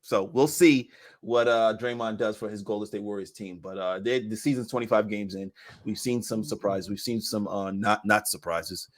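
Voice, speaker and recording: A man on a podcast in casual chat about basketball, animated and repeating phrases for emphasis. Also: fairly low pitch, moderate pace.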